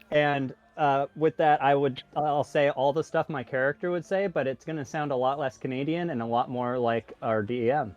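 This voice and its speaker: A man's voice: mid-range voice, normal speed, few pauses, no echo. A man playing his character in a tabletop game, talking eagerly and chattily over a lo-fi voice chat mic. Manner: eager, chatty, laughs along. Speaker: player. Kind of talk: in-character tabletop role-play.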